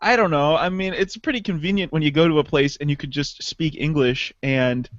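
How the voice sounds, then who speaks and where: Man, podcast co-host, animated storyteller, slightly high voice, dry dull sound. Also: a little fast, no echo. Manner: animated storyteller, mimics voices with big pitch jumps. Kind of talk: casual chat.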